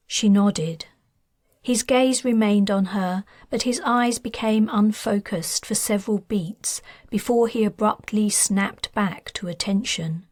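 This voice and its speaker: A woman reading her own science fiction novel aloud in a measured, even audiobook narration. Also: medium pitch, dry recording, studio quality.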